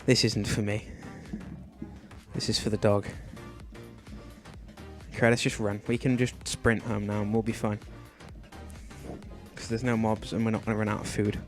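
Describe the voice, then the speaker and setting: A young man hosting a gaming video, chatting casually as he plays and fussing anxiously, with sudden high shrieks of alarm. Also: little pitch movement, moderate pace, pauses often, faint music behind. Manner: chatty, fretful and doting, often bursting into high shrieks. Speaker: gaming channel host. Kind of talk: Minecraft let's play commentary.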